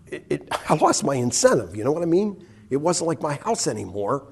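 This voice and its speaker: An older man giving a personal testimony in church. He tells his story with a husky voice, acting out what was said and laughing at himself. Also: a little high, very animated, a little fast, a little mellow, a little hiss or hum.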